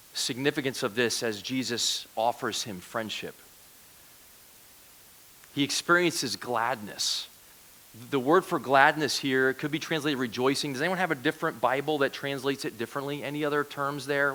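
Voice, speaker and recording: A man's voice: mid-range voice, bright, forceful tone. A man giving a conversational sermon as a guest preacher, asking the congregation questions. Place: church.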